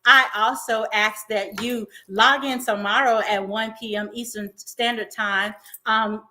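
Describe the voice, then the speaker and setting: Emotional woman host, bright tense voice, gushing and encouraging. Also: a little high, steady tone, unhurried, slight background noise. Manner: emotional, effusive, faith-filled. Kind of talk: inspirational talk-show monologue.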